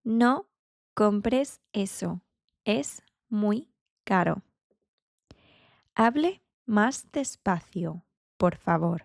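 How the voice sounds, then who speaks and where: A woman teaching beginner Spanish, saying each phrase slowly and carefully and repeating it as a drill. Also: medium pitch, animated, gravelly, no room sound, studio quality. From Spain. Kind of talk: beginner language lesson.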